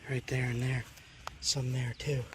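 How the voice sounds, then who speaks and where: A man from Long Island narrating an outdoor vlog by a woodland creek, chatty and excitable, laughing often and talking straight to his viewers. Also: mid-range voice, unhurried. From Long Island, New York. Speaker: outdoors vlogger. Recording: outdoor recording with steady background noise.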